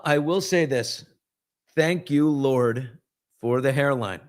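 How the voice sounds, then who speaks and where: A man's voice: medium pitch, lively intonation, measured pace. A man in his fifties from New York, hosting a casual live chat and answering viewers, rambling and self-reflective with joking asides. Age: 50s. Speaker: host.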